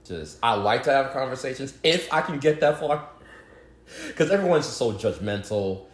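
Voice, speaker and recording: A man's voice: mid-range voice, moderate pace. A man co-hosting a casual podcast, talking in loose slang with plenty of swearing. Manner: expressive, slangy, swears a lot. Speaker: podcast co-host. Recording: roomy echo.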